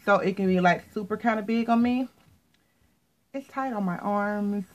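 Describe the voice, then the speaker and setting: A woman's voice: mid-range voice, moderate pace, muffled recording. An American woman chatting casually to viewers as she shows off her latest clothing haul, repeating words and often saying "you guys.". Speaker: fashion vlogger.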